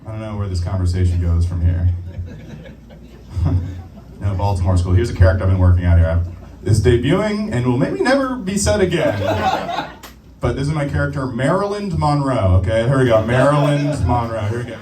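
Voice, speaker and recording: A man's voice: medium pitch, lively intonation, brisk. A man doing stand-up comedy on a club stage, joking at his own expense to the crowd. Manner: self-mocking, bouncing between his own voice and put-on voices. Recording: roomy live club sound from a distance.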